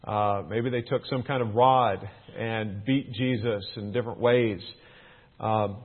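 A man's voice: lowish voice, steady tone, a little slow. A middle-aged man teaching through a Bible passage, earnest, his emphasis rising on questions. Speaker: preacher. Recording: tinny phone-like band.

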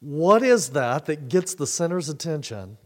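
A middle-aged man preaching a sermon, telling a personal story slowly and then building to loud, emphatic preaching. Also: on the high side, very animated.

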